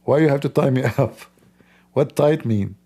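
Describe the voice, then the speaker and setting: A man's voice: medium pitch, normal speed, dark tone. A man hosting a livestream, talking in a mocking, sarcastic way. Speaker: host. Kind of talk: livestream commentary.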